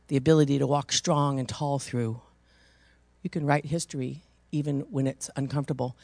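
A woman preaching a sermon, telling a personal story conversationally and rising into loud, emphatic preaching. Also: low voice, dry recording, studio quality.

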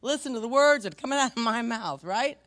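A pastor preaching a sermon in a conversational, animated storytelling manner, self-deprecating and lively. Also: mid-range voice, fast talker, no echo, clean studio sound.

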